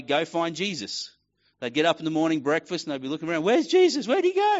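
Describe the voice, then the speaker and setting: A man's voice: fairly high pitch, highs cut off. A middle-aged man preaching a casual sermon, acting out quoted voices as he tells a story. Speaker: pastor.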